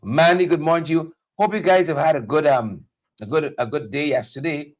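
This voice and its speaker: A man hosts a casual morning live stream. His voice sits a little high, and he is chatty and playful, repeating words as he greets viewers one by one. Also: fairly quick. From Caribbean. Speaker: morning show host.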